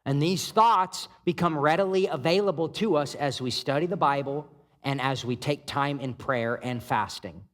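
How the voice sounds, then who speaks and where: A man's voice: on the high side, moderate pace, fairly bright tone. A man preaching a sermon as pastor, in a casual, conversational way, often asking "right?" and acting out the thoughts of his listeners. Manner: conversational preaching, many rhetorical "right?" checks, acts out inner thoughts. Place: church hall. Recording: long hall reverb.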